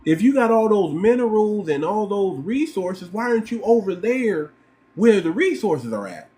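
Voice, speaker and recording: A man from the United States hosts a livestream with a slightly higher-pitched voice. He hammers his points home, repeating lines and piling on rhetorical questions. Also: big pitch swings, moderate pace, dark tone. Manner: emphatic and repetitive, firing rhetorical questions. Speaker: livestream host. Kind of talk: livestream commentary.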